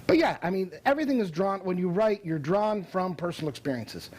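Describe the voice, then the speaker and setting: Relaxed male author as interview guest. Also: sits high, fairly quick, rough recording. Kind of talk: casual interview chat.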